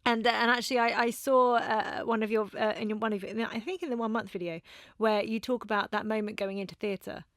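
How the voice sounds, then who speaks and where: A woman's voice: on the high side, steady tone, a little fast, few pauses, a bit bright, dry recording, studio quality. A woman hosting a podcast interview, asking supportive follow-up questions. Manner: supportive, follows up on guest's story. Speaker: podcast host.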